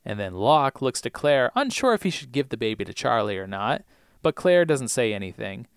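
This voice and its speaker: A playful man co-hosting a podcast, recapping episodes in a loose, joking way. His voice is mid-pitched and recorded close and dry. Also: big pitch swings, normal speed, smooth, no room sound. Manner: playful, punning, acts out scenes. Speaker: podcast co-host.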